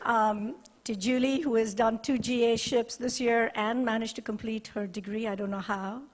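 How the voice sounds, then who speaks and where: A woman directing a university resource center, giving an earnest, measured ceremony speech with deliberate pauses. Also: on the high side, steady tone, in a large hall. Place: ceremony hall.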